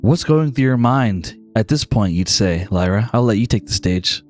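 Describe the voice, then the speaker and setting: A man running a tabletop game, narrating scenes in a steady, dramatic way. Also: lowish voice, moderate pace, faint music behind. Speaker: game master.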